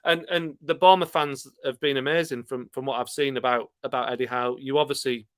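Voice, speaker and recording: A man with a Yorkshire accent hosting a casual live stream, chatting relaxed and laughing often as he answers comments. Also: mid-range voice, a little fast, no echo, studio quality. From Yorkshire, England.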